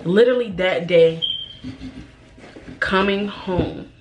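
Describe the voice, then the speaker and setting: A young woman vlogging while doing her makeup, holding back tears and talking in a halting, repetitive way. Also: on the low side, noisy background. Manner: halting, emotional, repeats herself, sighs. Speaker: beauty vlogger. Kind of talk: get-ready-with-me chat.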